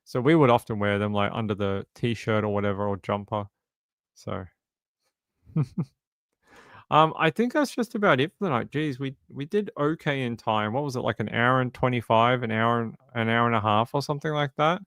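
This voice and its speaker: A chatty Australian man in his forties hosts a casual livestream, answering his viewers and joking around. He often repeats himself as he talks. His voice comes through smooth and clear, close and dry with no room sound. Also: mid-range voice, normal speed, a bit bright, dry recording. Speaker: livestream host. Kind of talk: casual live-stream chat answering viewers.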